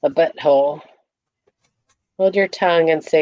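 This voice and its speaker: A woman's voice: low-pitched, measured pace, darkish tone, dry recording, lo-fi sound. Giggly woman hosting a live stream. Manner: playful, giggly, repeats words, reads chat aloud. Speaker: host of a live morning stream. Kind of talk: casual live-stream chat.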